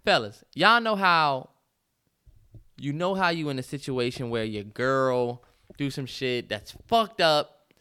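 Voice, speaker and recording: A man's voice: mid-range voice, expressive, slow, pushed and bright, clean tone. A man co-hosting a podcast, emphatic and profane in casual chat, repeating himself as he riffs. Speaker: podcast co-host.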